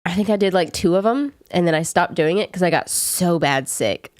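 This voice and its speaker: Sick young southern girl rambling to her stream chat, kinda low voice, dead dry mic. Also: lively intonation, moderate pace, dry recording. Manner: chatty, rambling with frequent "like" fillers. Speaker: live streamer. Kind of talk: casual chat answering viewers.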